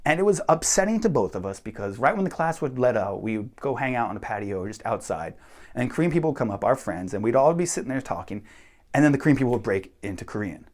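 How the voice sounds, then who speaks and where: A young man telling stories in a casual, animated monologue, bluntly acting out the people he quotes. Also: medium pitch, fast talker. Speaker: vlogger.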